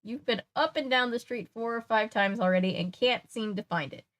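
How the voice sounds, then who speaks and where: A woman's voice: a little high, moderate pace, fairly bright tone. Chatty young woman reading aloud. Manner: chatty, joking asides. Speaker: streamer reading a kids' book. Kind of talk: casual read-aloud with chat asides.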